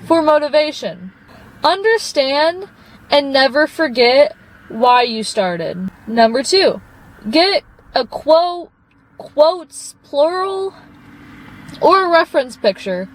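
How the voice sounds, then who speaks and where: A woman's voice: high-pitched, sing-song, takes it slowly, long pauses, low-quality recording. A young woman vlogger giving an earnest, encouraging motivational talk to her phone camera, calling viewers babe. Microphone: phone propped up.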